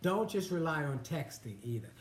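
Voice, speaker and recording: A man in his fifties co-hosting a marriage advice chat, halting and often restarting his words. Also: a little high, expressive, slight background noise. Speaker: co-host. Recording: roomy echo, faint ambience.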